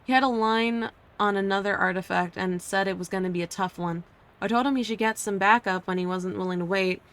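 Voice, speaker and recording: A woman reading out a friendly young antique shop clerk, chatty and slangy, easygoing everyday voice, mid pitch, game dialogue read aloud on a stream. Casual and warm-hearted in the way she explains things. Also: fairly even intonation, fairly quick, clear, resonant tone, natural voice.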